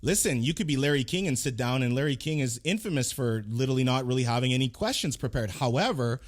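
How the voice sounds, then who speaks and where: A man hosting a podcast interview, talking in an energetic, emphatic way and often repeating himself. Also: mid-range voice, fast. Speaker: podcast host.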